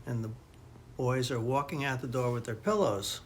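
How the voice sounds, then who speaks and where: An older man, a grandfather, reading a children's storybook aloud in a slow, gentle way. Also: mid-range voice, a little hiss or hum.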